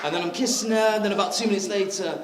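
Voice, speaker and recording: A man's voice: sits high, rapid-fire, heavy background noise. A man giving a wedding speech, telling a story in a chatty way. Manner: chatty storytelling, frequent laughs. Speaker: wedding speaker. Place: wedding reception hall. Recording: echoey hall with crowd.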